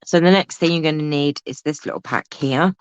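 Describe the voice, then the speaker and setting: A woman's voice: deep voice, fairly quick, smooth, no echo. Woman, craft livestream host, chatty, teasing; dry, lo-fi home recording. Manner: chatty, reads out viewer comments, teasing asides. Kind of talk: casual livestream craft tutorial.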